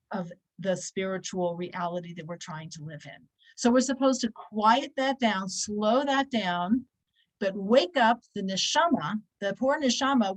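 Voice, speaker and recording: A woman teaches a weekly religious class in a lively, conversational way. Her voice sits in a middle pitch, and she repeats key phrases to drive them home. Now and then she slips into short quoted voices to act out a point. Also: rough recording. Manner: animated, acts out little quoted voices.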